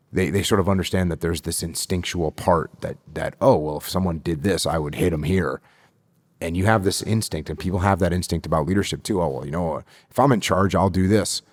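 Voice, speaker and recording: A middle-aged man from the United States talks as a podcast guest, steady and measured, and drives his points home by repeating them. His voice sits very low, and the sound is close and dry, with no room around it. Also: dry recording. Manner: emphatic, repeats key phrases for stress. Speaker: guest, retired military officer. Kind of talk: podcast interview.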